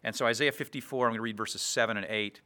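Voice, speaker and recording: A man preaching an expository sermon, earnest, slowing down to read scripture verses aloud. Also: medium pitch, steady tone, pushed and bright.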